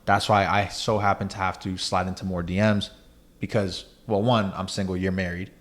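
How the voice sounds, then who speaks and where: A young man hosting a casual podcast in a very low, deep voice. He talks loosely and rambles a little, tossing in friendly asides to his co-host as he goes. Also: level tone, normal speed. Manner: loose and chatty, peppered with "you know what I'm saying". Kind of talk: casual chat.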